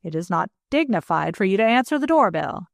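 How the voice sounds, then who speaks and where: A woman's voice: mid-range voice, sing-song, a little fast, vocal fry, dry recording, clean studio sound. A woman reading aloud, voicing a paranoid, malicious older stepfather who speaks testily and commands those around him. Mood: commanding. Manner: testy, commanding, secretive.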